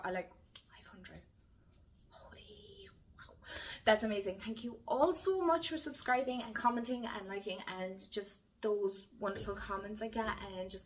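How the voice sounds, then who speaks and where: Irish woman, casual vlog to camera, effusive and chatty, a bit teary, mid-range voice. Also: mid-range voice. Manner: chatty and effusive, full of fillers. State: emotional, near tears. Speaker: YouTube creator.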